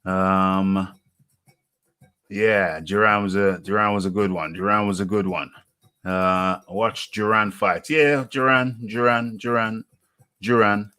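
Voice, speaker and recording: A man's voice: fairly low pitch, steady tone, takes it slowly, pushed and bright, clear, resonant tone. A British man hosting a live boxing talk stream, rambling and repeating his phrases with plenty of fillers. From United Kingdom. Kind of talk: casual live-stream chat.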